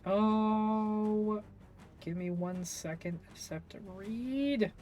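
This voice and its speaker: A man's voice: sits high, muffled recording, faint music behind. A man narrating as game master, livening up his storytelling and correcting himself on the fly. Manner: animated, quick self-corrections.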